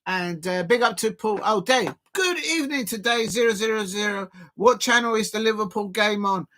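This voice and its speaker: A man hosting a live football watch-along, chatting and calling the action in a rambling, excitable way that rises to shouts at big moments. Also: high voice, normal speed. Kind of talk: live match commentary and chat.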